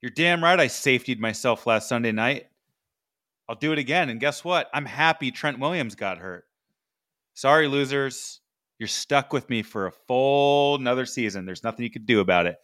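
A man's voice: mid-range voice, lively intonation, normal speed, fairly bright tone, dry recording, studio quality, natural voice. A man reading as a smug trash-talking quarterback. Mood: taunting. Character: smug, taunting male football quarterback.

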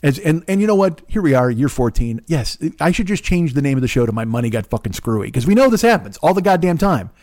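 A man in his fifties hosting a podcast, rambling in a casual, profane monologue with sarcastic asides and a smooth voice. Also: a little high, very animated, quick pace, few pauses, darkish tone. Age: 50s. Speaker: podcast host.

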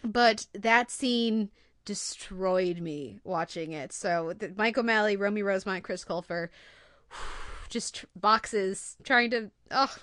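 A woman's voice: medium pitch, slow pace, fairly bright tone, dry recording, studio quality. A woman hosting a TV podcast, chatting casually and getting emotional about favorite scenes. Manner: emotional, gushing. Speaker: podcast host. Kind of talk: casual TV review chat.

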